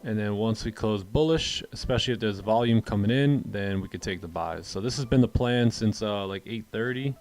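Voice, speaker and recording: A man's voice: fairly low pitch, a little fast, few pauses, a little mellow. A man hosting a live trading stream, answering chat questions in a rambling, casual way and often repeating words. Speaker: trading livestream host.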